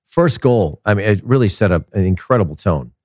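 A man hosting a casual soccer commentary show, opinionated and animated, repeating his points for emphasis. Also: on the low side, fairly quick, no echo, clean studio sound. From United States.

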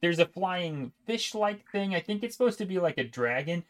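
A man's voice: high-pitched, animated, moderate pace, fairly bright tone. A man chatting casually about video games on a podcast, rambling with frequent restarts and laughs. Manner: rambling, laughing, self-interrupting. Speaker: podcast co-host. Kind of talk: casual gaming chat.

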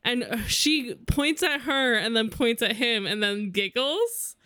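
A woman's voice: on the high side, lively intonation, slow, pushed and bright, no echo. A woman co-hosting a podcast in casual chat, upbeat and chatty as she thanks members and introduces segments. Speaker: podcast co-host.

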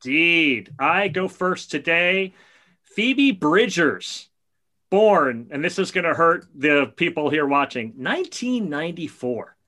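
Bright-voiced enthusiastic middle-aged man. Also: on the high side, sing-song, takes it slowly. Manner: enthusiastic storyteller. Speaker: podcast co-host. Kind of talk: casual chat.

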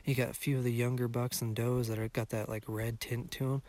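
A man's voice: mid-range voice, level tone, a little fast, a little mellow. Easygoing man chatting outdoors. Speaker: hunting partner. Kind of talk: casual chat. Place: outdoors in the backcountry.

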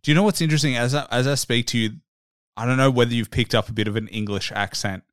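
Easygoing guy hosting a podcast interview, smooth clear voice, dry close sound. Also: medium pitch, fast talker, no room sound. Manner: easygoing, agreeable, many short yeahs. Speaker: host. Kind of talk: casual interview chat.

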